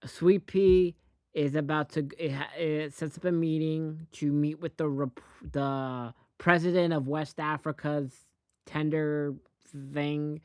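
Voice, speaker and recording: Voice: mid-range voice, clear, resonant tone, no echo, studio quality. A host giving a casual, rambling and profane recap of a TV episode, speaking bluntly.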